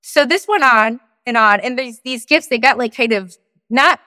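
A woman's voice: on the high side, moderate pace, sharp tone, dry recording, clean studio sound. A woman telling a personal story on a podcast, rambling and full of "like", acting out what people said. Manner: rambling, full of "like" and acted-out quotes. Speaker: guest storyteller.

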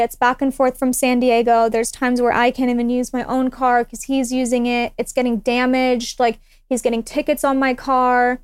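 A young woman in her twenties appears as a podcast guest, her high voice clear and resonant in a dry recording. Telling a personal story in casual chat, she animatedly acts out the quoted lines of the people involved.

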